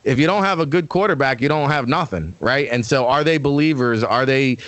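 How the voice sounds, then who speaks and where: A man breaks down football picks as a guest analyst. He talks emphatically and with strong opinions, often restarting his sentences. His voice is mid-pitched and sounds dry and close. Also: brisk, a bit bright, dry recording. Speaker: weekly draft analyst guest. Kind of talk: casual sports talk.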